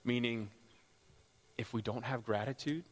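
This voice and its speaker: A man preaching a sermon as pastor, rising into loud, impassioned passages. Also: measured pace. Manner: builds to loud, high-pitched pleading passages. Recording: long hall reverb.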